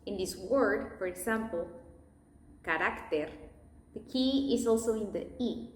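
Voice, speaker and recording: A woman teaching pronunciation, modelling words one at a time and deliberately exaggerating sounds so learners can repeat them. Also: mid-range voice, animated, reverberant. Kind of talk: pronunciation lesson, listen and repeat.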